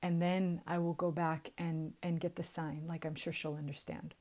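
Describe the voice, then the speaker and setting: A woman's voice: low voice, flat delivery, moderate pace, darkish tone, natural voice. A woman with a Southern US accent voicing a humble, eager young peasant man who talks earnestly.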